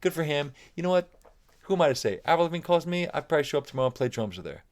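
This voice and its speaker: A man's voice: on the high side, racing. A man guesting on a podcast, telling anecdotes casually, acting out what people said and swearing now and then. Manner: animated, acts out quoted remarks, frequent "like" fillers, swears casually. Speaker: guest musician. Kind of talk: casual storytelling.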